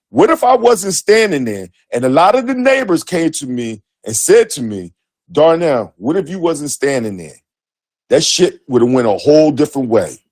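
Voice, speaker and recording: A man's voice: medium pitch, a little mellow, husky, dry recording. A middle-aged man, co-host of a sports talk show, telling a story with profanity and emphatic acted-out dialogue. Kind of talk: animated storytelling.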